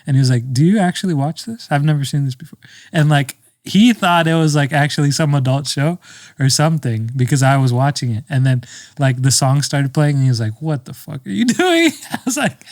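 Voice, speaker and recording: A man's voice: on the high side, darkish tone, dry recording, studio quality. A young man co-hosting a podcast in casual chat, joking and laughing often. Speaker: podcast co-host.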